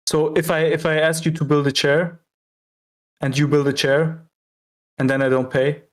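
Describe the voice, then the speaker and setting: A man's voice: a little high, flat delivery, moderate pace. A man appearing as a guest on an online call, asking probing questions and repeating them, with hesitant restarts. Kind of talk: casual debate.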